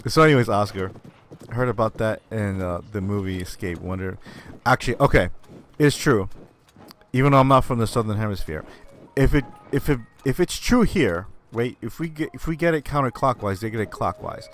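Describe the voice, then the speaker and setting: A man's voice: fairly low pitch, normal speed. A man streaming a video game, chatting casually with viewers, who rambles and laughs often as he tells stories.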